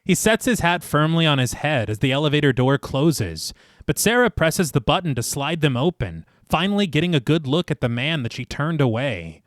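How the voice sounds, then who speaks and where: Lively man narrating a film recap. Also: a little high, normal speed, no echo, studio quality. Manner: narrates plot at length, laughing between passages. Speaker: podcast co-host. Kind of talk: reading a detailed film recap on a podcast.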